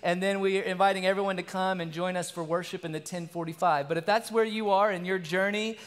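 High-voiced pastor preaching in a reverberant church. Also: male voice, fairly even intonation, quick pace. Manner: earnest, conversational preaching. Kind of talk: sermon. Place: church sanctuary.

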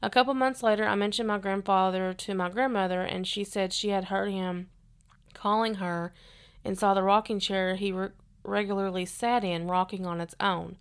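A woman's voice: medium pitch, fairly even intonation, normal speed, clean tone. Woman reading eerie stories aloud. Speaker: podcast co-host reading listener stories.

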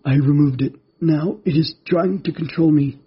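A man's voice: fairly high pitch, normal speed, husky, pitched above the performer's own voice. A man voicing a loyal giant spider in a storybook, speaking in a strained and urgent way. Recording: dull lo-fi recording.

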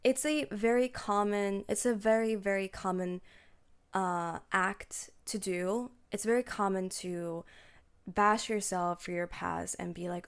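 A woman's voice: medium pitch, fairly even intonation, measured pace, smooth. A woman in her twenties hosting a casual solo podcast, talking in a chatty, reflective way with frequent "like"s and restarts. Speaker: podcast host.

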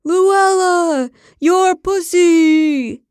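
A woman voicing a cheerful, unflappable male contestant in an audiobook, who fakes loud, theatrical moaning. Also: medium pitch, steady tone, moderate pace, no room sound, clean studio sound, natural voice. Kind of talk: audiobook character voice.

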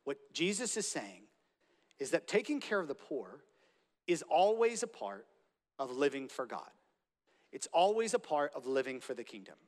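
A man's voice: a little high, sing-song, moderate pace, pauses often. A man preaching a sermon as pastor, earnest, repeating phrases to build emphasis. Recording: long reverb of a large hall.

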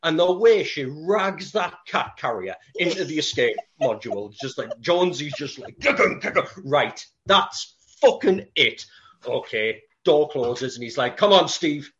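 A man rants about a film with animated, profane storytelling, his voice pitched a little high for a man. The mic sounds dull and lo-fi. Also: a little slow. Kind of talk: comic film rant.

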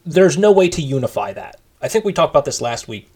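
A man co-hosting a casual podcast, recapping wrestling in an animated, sarcastic way. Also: on the high side, fairly quick, husky. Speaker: podcast co-host.

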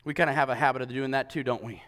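A male pastor preaching a sermon, animated and full of rhetorical questions to the congregation. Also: medium pitch, rapid-fire, in a large hall.

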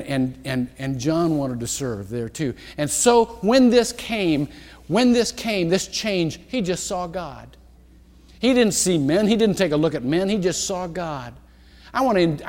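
A male pastor preaching a sermon in a church, rambling and interrupting himself with asides and chuckles. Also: high voice. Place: church sanctuary. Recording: church hall reverb.

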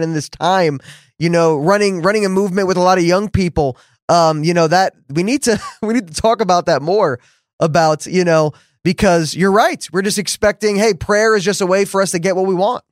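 This podcast host has a high voice and talks a little fast, recorded dry with studio quality. He chats casually with his guest, affirming him with plenty of mm-hmms, and tells a story.

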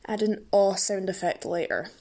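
A woman's voice: medium pitch, fairly even intonation, moderate pace, darkish tone. Giddy, rambling woman podcast host with a cold. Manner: giddy, rambling, self-mocking, giggly. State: sick with a blocked nose. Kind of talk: casual solo podcast chat.

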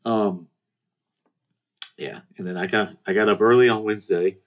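A man's voice: lowish voice, steady tone, quick pace. A man in his twenties hosting a podcast, telling stories in a rambling, casual way with many restarts and acted-out dialogue. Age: 20s. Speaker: podcast host. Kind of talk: casual storytelling monologue.

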